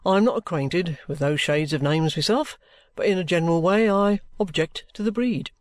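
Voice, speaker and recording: A man voicing a bluff, steady middle-aged ex-soldier who talks plainly and good-humouredly. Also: fairly high pitch, normal speed, no room sound, studio quality, lightly acted.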